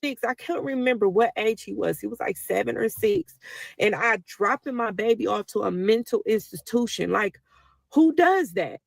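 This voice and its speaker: A woman's voice: medium pitch, normal speed, gravelly. A woman speaking in a mid-range voice tells a personal story to viewers, emotional and chatty, and keeps calling them y'all. The sound is dry and close, with no room echo. Her talk runs on in loose, winding sentences. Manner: talkative, emotional, addresses listeners as y'all. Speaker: mother telling a personal story.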